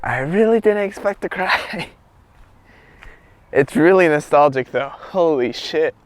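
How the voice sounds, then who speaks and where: A young man vlogging outdoors at his childhood home, talking in an excitable, slangy way full of "like" and "bro.". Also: a little high, a little slow, slight background noise. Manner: excitable, slangy, lots of 'like' and 'bro'. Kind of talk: casual on-location vlog. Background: guitar music.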